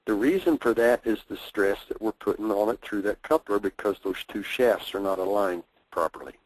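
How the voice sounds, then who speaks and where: A man's voice: fairly low pitch, moderate pace, darkish tone, poor audio. A man presenting a technical training webinar, plainspoken and repeating his key points for emphasis.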